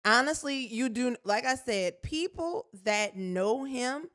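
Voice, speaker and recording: A woman co-hosting a podcast, telling a story in a lively way and acting out her own reactions. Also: fairly high pitch, takes it slowly. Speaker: podcast co-host. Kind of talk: casual chat.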